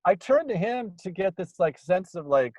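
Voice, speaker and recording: A man telling a ghost story in a rambling, casual way, full of fillers, getting animated as it builds. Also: high voice, moderate pace, dry recording, rough recording. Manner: rambling, filler-heavy, gets animated when excited. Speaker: guest storyteller.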